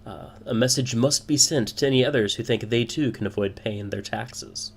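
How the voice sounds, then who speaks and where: A man's voice: medium pitch, moderate pace, creaky, breathy edge, pitched above the performer's own voice. A man voicing a pompous, boisterous male thieves' guild boss in a tabletop game, speaking in a formal, grand manner. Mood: grandly menacing.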